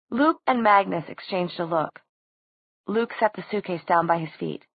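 Woman audiobook reader, husky and lowish, thin phone-like dry sound. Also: normal speed, dry recording. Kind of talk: scripted narration.

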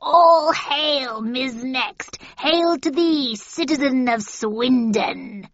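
A woman's voice: high voice, drawn-out words, a bit bright, no room sound, pitched above the performer's own voice, exaggerated voice. A woman voicing pushy, ugly old female witches who chant archaic prophecies, in a dull, dry recording. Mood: wheedling.

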